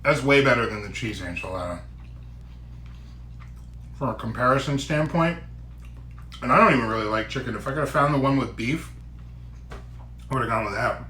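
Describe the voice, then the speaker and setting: A man casually tasting and reviewing a microwave meal on his own channel, chatty and given to loud exclamations. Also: mid-range voice, moderate pace, long pauses, reverberant, a little hiss or hum. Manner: chatty, exclaims loudly at hot bites. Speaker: food vlogger. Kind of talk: casual food review vlog.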